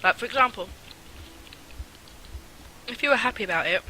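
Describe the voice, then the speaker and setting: Bright-voiced chatty woman gamer. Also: on the high side, lively intonation, moderate pace, slight background noise, rough recording. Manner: chatty and rambling, full of "like" fillers. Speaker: gaming video host. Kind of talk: casual let's-play commentary, reading game text aloud.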